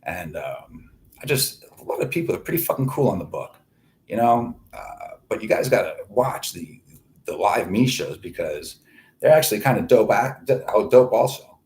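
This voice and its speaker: A man's voice: on the low side, big pitch swings, normal speed, a little mellow. A man hosting his own online show, talking in a profane, boastful, meandering monologue from home. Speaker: livestream host. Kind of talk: rambling crude monologue.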